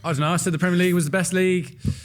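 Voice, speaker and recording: A man arguing his football opinions in a casual podcast chat, animated and full of restarts. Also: high-pitched, rapid-fire, a little hiss or hum. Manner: animated, argumentative, talks in restarts. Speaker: podcast guest. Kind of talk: casual debate.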